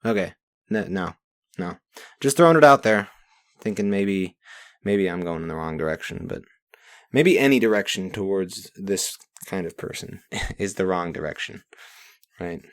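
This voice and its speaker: A man's voice: deep voice, moderate pace. A young man recapping his week from a journal in a rambling, profane monologue that swings into rants. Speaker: vlogger reading his journal.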